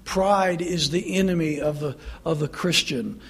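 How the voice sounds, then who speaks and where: A man's voice: a little high, a little slow, a bit bright, husky. A male pastor preaching a sermon in a conversational, earnest way with mocking asides.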